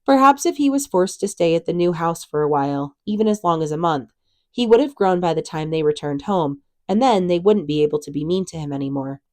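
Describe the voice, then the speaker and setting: Female reader for a chapter book: low voice, calm and even, dry close sound. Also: brisk, no room sound. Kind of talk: reading a novel aloud.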